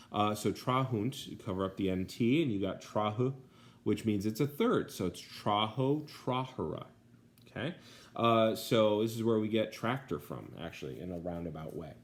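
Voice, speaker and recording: A man with a fairly low voice walks through vocabulary like a teacher. He says each word twice, then explains it patiently with plenty of fillers. His delivery is unhurried and explanatory. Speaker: Latin teacher. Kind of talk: vocabulary lesson.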